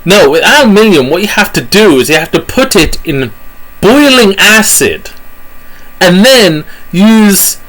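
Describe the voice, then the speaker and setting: A man's voice: high-pitched, a bit bright, poor audio. A man with a British accent giving a jokey, rambling monologue about pictures on screen, full of fillers and self-corrections. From Britain.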